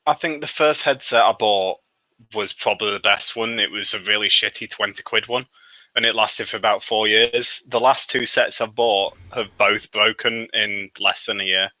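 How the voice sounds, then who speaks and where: A man from the UK with a low, sharply bright voice, chatting on a podcast. He keeps his remarks brief and dry, and the sound is close with no room echo. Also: steady tone, moderate pace. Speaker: podcast co-host. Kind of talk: casual podcast chat.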